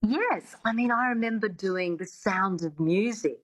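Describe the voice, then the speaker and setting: A woman's voice: mid-range voice, a little slow, slightly rough, low-quality recording. A woman working as an accent coach, explaining things in a chatty way with many fillers in a radio interview.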